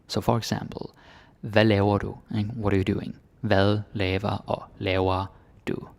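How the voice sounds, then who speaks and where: Gravelly low-voiced man teaching pronunciation. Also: normal speed. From Denmark. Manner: relaxed, joking, drifts into whispers. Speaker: language teacher. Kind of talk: casual pronunciation lesson.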